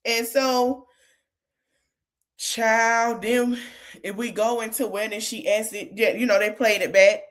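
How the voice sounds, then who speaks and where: Woman host, casual reality-show recap, animated delivery, slightly high voice. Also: a little slow. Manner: animated, retells quotes, talks back to the people on screen.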